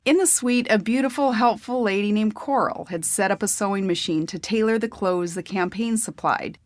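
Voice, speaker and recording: Brief: woman memoir narrator, mid pitch, plain conversational read, dry close sound. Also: moderate pace, dry recording. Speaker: audiobook narrator.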